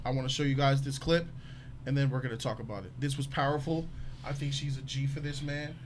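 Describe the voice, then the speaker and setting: A man hosting a casual panel talk show about a TV episode, talking in an emphatic, animated way. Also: medium pitch, brisk, slight background noise. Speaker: show host.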